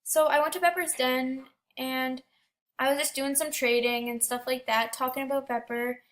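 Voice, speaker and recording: A woman's voice: high-pitched, steady tone, moderate pace, fairly bright tone. A teenage girl casually telling stories about an online game, chatty with many fillers and restarts. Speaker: gaming storyteller. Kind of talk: casual storytelling.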